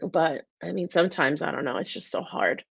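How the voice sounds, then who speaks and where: A woman hosts a live-stream talk in a fairly low voice, earnest and openly emotional, rambling through restarts. The sound is dry and a bit dull, like a lo-fi webcam mic. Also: fairly quick, creaky, breathy edge, dry recording. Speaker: host.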